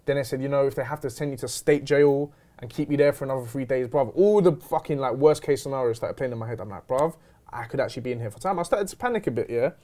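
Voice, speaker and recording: A young man telling a story in casual chat, slangy and animated. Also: mid-range voice, fast talker. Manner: animated, slangy, retelling with quoted dialogue. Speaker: host.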